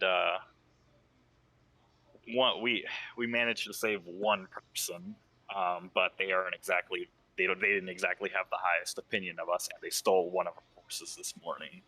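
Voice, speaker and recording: A man's voice: low voice, sharp tone. A man playing a tabletop game, matter-of-fact as he explains his group's situation. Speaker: player. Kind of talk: tabletop game play, casual chat.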